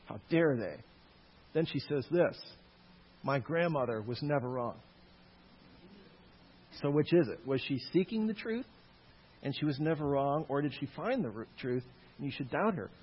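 A man's voice: fairly high pitch, expressive, normal speed, pauses often, slightly rough. A man lecturing a live audience on Christian apologetics, with jokey asides to the crowd. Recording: echoey hall, dull lo-fi sound.

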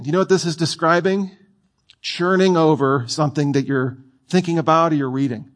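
A man's voice: a little high, fairly even intonation, a little fast. A man preaching a sermon in a conversational, playful way, with asides to his listeners.

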